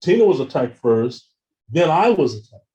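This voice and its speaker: Man telling a story in a mellow voice. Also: a little high, normal speed, lo-fi sound. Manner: animated retelling, acts out phone calls, repeats words. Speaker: seminar speaker. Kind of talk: storytelling talk with slides.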